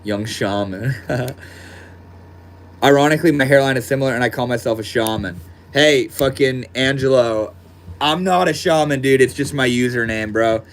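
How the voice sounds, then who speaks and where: A man's voice: mid-range voice, normal speed. A man live streaming from his desk at home, chatting casually and reading out viewer comments in a laid-back, slangy way. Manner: laid-back and slangy, calls people bro and dude.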